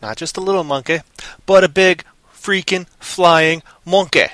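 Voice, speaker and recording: A man spins silly made-up tales on a livestream, rambling from one random tangent to the next. His voice sits a little high and sounds bright, recorded close and dry. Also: unhurried, no echo. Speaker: stream co-host. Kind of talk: silly improvised storytelling on a livestream.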